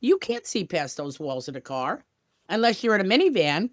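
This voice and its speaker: A woman's voice: fairly low pitch, big pitch swings, normal speed, no room sound, clean studio sound. A woman guest on a travel podcast, talking in an upbeat, chatty way with many casual asides. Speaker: tour company guest. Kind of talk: enthusiastic podcast interview.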